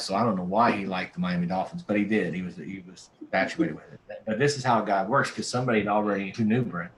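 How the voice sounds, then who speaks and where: A man's voice: fairly low pitch, fast, few pauses, a little hiss or hum, poor audio. A male pastor telling a story in a conversational interview, earnest and full of restarts. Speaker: pastor and podcast guest.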